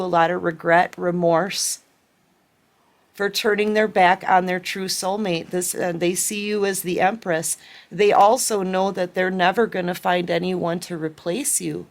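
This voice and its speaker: A woman giving a collective tarot reading, speaking with emotion and sometimes acting out what others said. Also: mid-range voice. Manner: emotional, acts out quoted pleas. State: tearful at times. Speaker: tarot reader.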